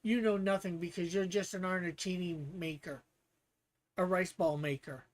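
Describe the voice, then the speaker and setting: A condescending snob with a put-on British accent looks down his nose at the listener. A streamer fakes the voice for a joke. He drags out his sneers slowly and lets the scorn show. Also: mid-range voice, steady tone, close to an everyday voice. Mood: sneering. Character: snobbish mocking man looking down on others.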